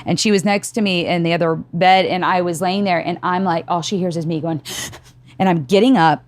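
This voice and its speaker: A woman's voice: lowish voice, a little fast. A middle-aged woman hosting a podcast, telling stories with acted-out quotes and some swearing in casual chat. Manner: animated storyteller, acts out quotes, swears. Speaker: podcast host.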